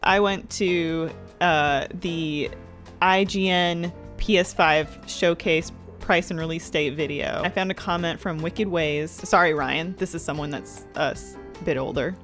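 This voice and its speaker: A woman on a comedy panel reading viewer comments aloud, giggly and lively whenever something amuses her. Light music plays faintly behind her. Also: low-pitched, unhurried. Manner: giggly, animated when amused.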